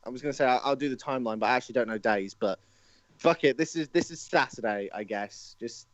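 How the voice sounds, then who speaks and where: A man's voice: mid-range voice, fast talker, dry recording, muffled recording. A man co-hosting a casual live wrestling chat, steering the talk and swearing casually. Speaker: podcast co-host.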